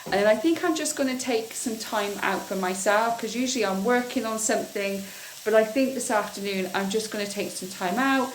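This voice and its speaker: A woman's voice: medium pitch, fairly quick, a little hiss or hum. A young adult woman, candidly chatting to camera in a casual vlog and often repeating herself. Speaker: vlogger.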